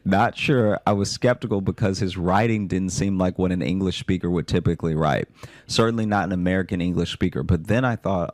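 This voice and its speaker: A man with a very low, deep voice reads a listener's story aloud on a comedy podcast. His delivery is dry and wry, and the sound is close and dry, with no room around it. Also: brisk, dry recording.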